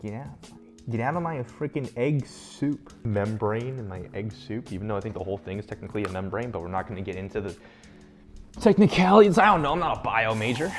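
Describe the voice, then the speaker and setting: A man's voice: on the low side, fast talker, fairly bright tone, faint music behind. A young man hosting a casual cooking vlog from his home kitchen, rambling and cracking self-mocking jokes as he works. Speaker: home cook vlogger.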